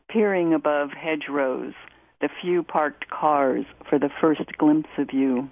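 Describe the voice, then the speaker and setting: A woman radio host reading a poem aloud in a measured, deliberate way and introducing a song. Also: low-pitched, no room sound. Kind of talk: poetry reading and music introduction. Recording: tinny phone-like line.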